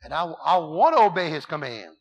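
A middle-aged man preaching a sermon in a folksy, emphatic way, reading scripture slowly and telling stories full of quoted dialogue. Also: fairly high pitch, very animated, lo-fi sound.

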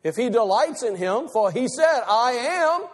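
A man preaching a sermon, emphatic, asking the congregation questions and repeating key lines slowly for weight. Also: very high-pitched, lively intonation, a little mellow, breathy edge.

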